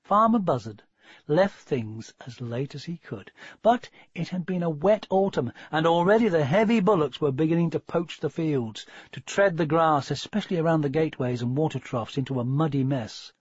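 A man reading a story aloud, with a voice that rises and falls freely and sits a little high for a man. The tone is husky, and the recording is dry and dull. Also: dry recording. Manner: expressive, measured storytelling. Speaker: narrator. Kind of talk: audiobook story narration.

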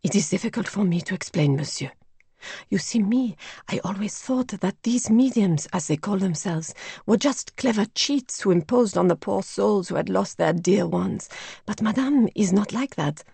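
A woman's voice: mid-range voice, animated, normal speed, creaky, slightly rough, no echo, heavily acted. A woman doing a fearful old French housekeeper. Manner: hushed, superstitious, awed.

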